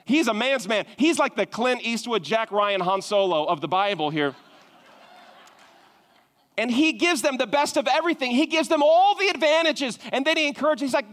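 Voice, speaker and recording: A high-voiced man preaching to his congregation. He retells scripture in a loose, conversational way, sinks to near-hushed asides and then climbs back to emphatic, driving calls. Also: sing-song, moderate pace. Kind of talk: sermon.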